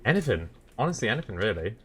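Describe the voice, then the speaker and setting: A man's voice: lowish voice, big pitch swings, rapid-fire, a crowd in the background. A young man from Southwest England, a podcast guest in casual chat, easygoing and full of "like" fillers. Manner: easygoing, lots of fillers, repeats himself.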